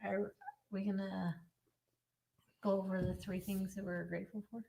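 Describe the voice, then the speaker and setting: A woman's voice: medium pitch, level tone, moderate pace, gravelly, dark tone. Playful woman chiming in from the side. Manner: playful, teasing interjections. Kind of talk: casual chat.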